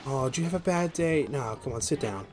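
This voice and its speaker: A man with a gravelly voice playing a doting partner in a role-play, soothing and fussing over the listener. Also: mid-range voice, expressive, a little fast, a little mellow, close to an everyday voice. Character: doting partner welcoming someone home, soft and caring.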